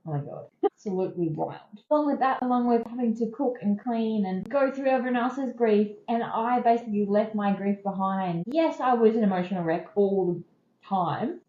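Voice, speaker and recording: A woman's voice: a little high, darkish tone, roomy sound, dull audio. A woman in her thirties with an Australian accent, hosting a podcast and candidly telling personal stories in a conversational, emphatic way. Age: 30s. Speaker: podcast host. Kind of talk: personal storytelling.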